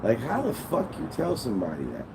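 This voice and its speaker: A man's voice: mid-range voice, huge pitch swings, brisk, vocal fry, noisy background. A man livestreaming to his viewers, rambling in an aggrieved way and swearing a lot. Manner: aggrieved, rambling and heavily profane. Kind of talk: casual livestream chatter to viewers.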